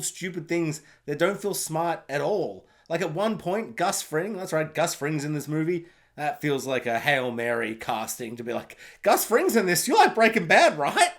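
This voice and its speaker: A man with a fairly high voice rants through a film review, sarcastic and mocking. He rambles from point to point, swearing freely along the way.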